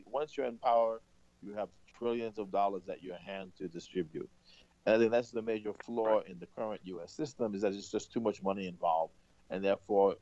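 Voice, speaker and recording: A man speaking as a podcast guest, halting often with fillers while giving commentary. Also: on the low side, mellow, no room sound. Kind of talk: conversational commentary. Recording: dull lo-fi line.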